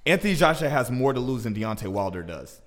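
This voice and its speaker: A man co-hosting a casual boxing podcast, talking in an animated way and getting louder as he argues his point. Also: fast talker. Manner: animated, heats up and rises in pitch when arguing. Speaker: podcast co-host.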